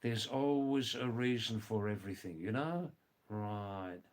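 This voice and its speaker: A man's voice: fairly low pitch, a little slow. A man chatting casually on a live stream, repeating phrases and stumbling over restarts. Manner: repeats himself, stammers on restarts.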